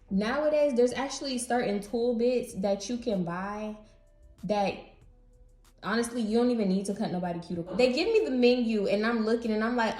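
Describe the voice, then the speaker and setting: A young woman casually telling a storytime story to her viewers, animated and slangy, speaking straight to camera. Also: a little high. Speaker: beauty vlogger. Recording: roomy echo.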